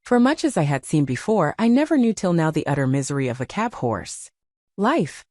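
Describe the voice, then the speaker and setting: A woman reads an audiobook in a measured storytelling manner. Her voice is slightly low and moves a lot in pitch. The sound is dry and close. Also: big pitch swings, dark tone, no room sound. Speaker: audiobook narrator. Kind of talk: scripted narration.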